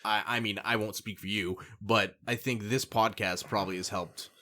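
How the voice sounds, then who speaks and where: A man's voice: fairly low pitch, steady tone, normal speed, bright, forceful tone. A man co-hosting a podcast, speaking frankly and hesitantly with lots of fillers and swearing. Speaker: podcast co-host. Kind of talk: casual podcast chat.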